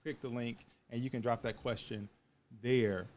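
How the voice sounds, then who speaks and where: A man co-hosting a marriage talk show, giving earnest advice in a casual way, often dropping to a low, soft voice. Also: fairly even intonation, moderate pace.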